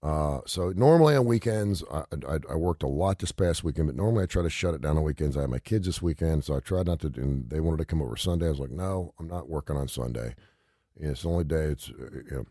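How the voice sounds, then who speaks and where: A man's voice: rumbling low, animated, quick pace, warm tone, no room sound, clean studio sound. A middle-aged man hosting a radio talk show, telling a story in an emphatic, rambling, repetitive way.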